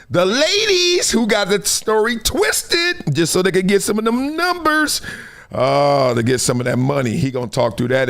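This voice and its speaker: Brief: male host from Compton, high and lively voice, slangy playful live-stream sports chat. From Compton, California. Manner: animated, playful, slangy, laughs often. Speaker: show host.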